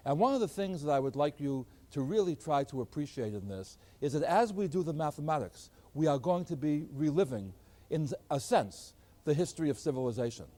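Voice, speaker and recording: A man giving a math lecture, explaining ideas in an animated, emphatic way. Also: a little high, a little fast. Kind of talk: classroom lecture.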